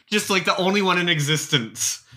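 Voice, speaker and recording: A man narrating as game master of a tabletop game, lively and joking. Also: sits high, moderate pace.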